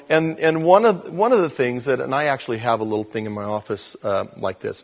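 A man's voice: on the low side, gravelly. An older man preaching in a conversational, storytelling way, animatedly acting out the people in his stories.

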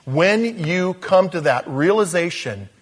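A man's voice: high voice, lively intonation, slow pace, slightly rough. A man preaching a sermon as pastor in a conversational style, with asides, repeated phrases and self-interruptions.

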